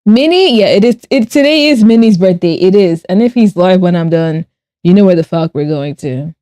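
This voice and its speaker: A woman streams casually while she draws, reading her chat aloud in a mellow, warm voice. She is animated and quick to laugh, and she swears bluntly when something annoys her. The sound is dry and close, with no room echo. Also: lowish voice. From Nigeria and Ireland. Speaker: streamer and artist.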